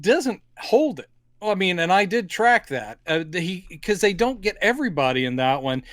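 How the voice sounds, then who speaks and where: A man's voice: high-pitched, very animated, moderate pace, fairly bright tone, no echo, clean studio sound. A man from Mississippi without a Southern accent, co-hosting a podcast in casual, joking movie chat. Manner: joking, chatty, full of restarts. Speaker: podcast co-host.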